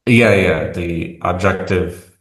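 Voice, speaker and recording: American man, low and slow, halting casual guest, roomy echo. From United States. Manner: hesitant, many fillers and restarts. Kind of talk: casual interview talk.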